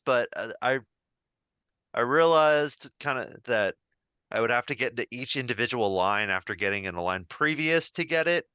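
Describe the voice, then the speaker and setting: Bright, animated podcast co-host man. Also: mid-range voice, clean tone, dry recording. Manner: enthusiastic, rambling storyteller with many fillers. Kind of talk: casual podcast chat.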